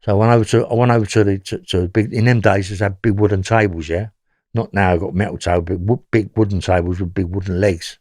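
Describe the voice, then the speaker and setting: A man with a London accent speaks as a guest in a casual interview, his voice sitting a little low. He rambles through his story and keeps tacking "yeah?" onto his lines. The sound is dry and close, with no room around it. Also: fairly even intonation, quick pace, darkish tone, dry recording.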